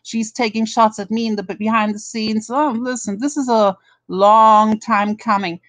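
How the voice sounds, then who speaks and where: Fairly even in intonation and a bit bright, this woman's voice sits on the high side and moves at a moderate pace, with no room sound. She has a German accent and runs a live drama commentary stream, welcoming each viewer individually while profanely mocking her rivals.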